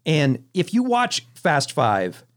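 Animated man telling movie anecdotes. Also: fairly high pitch, slow. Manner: animated anecdotes with frequent restarts. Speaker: podcast host. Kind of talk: casual storytelling chat.

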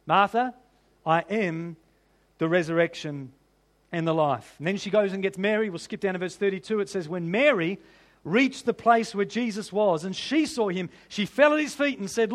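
High-voiced man preaching a sermon. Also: moderate pace. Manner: conversational preaching with rhetorical questions to the congregation. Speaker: pastor.

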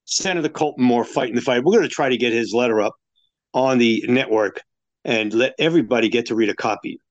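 An older American man hosting talk radio and signing off the show. He rambles in a folksy way and often restarts his sentences. His voice sits at a middling pitch. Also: no room sound.

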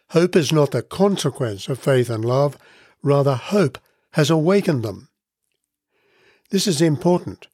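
A man delivers a scripted devotional Bible teaching in a measured, earnest voice, pressing on his key words. His pitch sits in an ordinary middle range for a man. The recording is dry and close, with almost no room sound. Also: a little mellow, dry recording. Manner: measured, earnest reading with deliberate emphasis.

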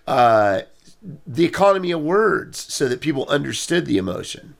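A man chatting as a podcast guest, with wry, quiet asides and a trivia-minded way of talking. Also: on the high side, very animated, moderate pace, gravelly. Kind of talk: casual podcast chat.

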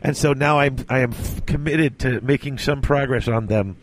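Playing the podcast host, this man spins a lengthy tale and performs the quoted lines of others with lively energy. He speaks at normal speed in a mid-range voice, with a little hiss or hum on the audio.

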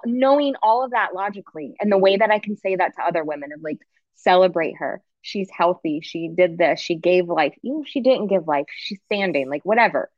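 A woman in her thirties, a podcast guest, talking candidly and with feeling, full of quick asides. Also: on the low side, dry recording, dull audio. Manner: emotional, expressive, quick asides. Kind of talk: candid conversational chat.

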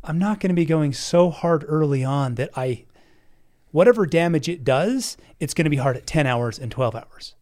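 A man's voice: on the high side, animated, normal speed, darkish tone. A man guesting on a podcast, chatting casually, laughing often and poking fun at himself, sometimes stumbling and repeating words. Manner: laughs often, self-deprecating. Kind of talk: casual chat.

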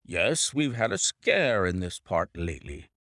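A man's voice: sits low, big pitch swings, a little slow, fairly bright tone, dry recording, studio quality, heavily acted. A man doing a bluff country colonel. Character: bluff, hearty country colonel, middle-aged.

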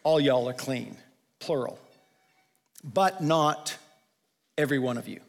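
A male pastor giving a conversational sermon, slowing down to stress the scripture he quotes. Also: mid-range voice, gravelly, big-room sound. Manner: conversational preaching, quotes scripture with slowed emphasis.

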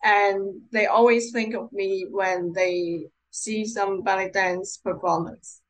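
Woman, interview guest, slow pace, halting repetitions. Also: mid-range voice, steady tone, low-quality recording. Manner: slow, repeating words as she searches for them. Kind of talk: casual interview chat.

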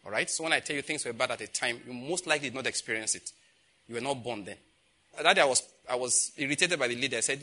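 Animated Nigerian pastor in his fifties. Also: medium pitch, fast talker. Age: 50s. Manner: animated storytelling, grows loud and emphatic when acting out dialogue. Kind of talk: sermon with personal stories.

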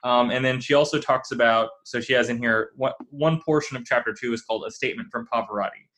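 Male host, relaxed and casual, heavy on fillers. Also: medium pitch, fast talker. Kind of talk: casual interview and promotion.

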